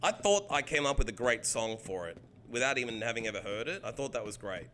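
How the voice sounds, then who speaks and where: An Australian man rambles through a casual gaming stream, swearing freely. His voice is bright and forward, and his pitch leaps around excitably. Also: brisk, slight background noise. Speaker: game streamer chatting with viewers. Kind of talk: casual chat while gaming.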